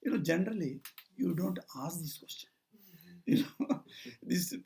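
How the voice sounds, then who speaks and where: A man's voice: high-pitched, unhurried, vocal fry, mellow, breathy edge. An older man, a monk, giving an informal spiritual talk indoors, telling stories and acting out the dialogue in them. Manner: storytelling, acts out quoted dialogue, digressive. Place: talk at a society house, indoors.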